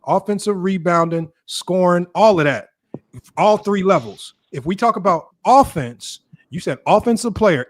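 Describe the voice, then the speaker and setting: High-voiced man refereeing a sports debate. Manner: keeps cutting in with "hold on", tallies points methodically. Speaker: debate host.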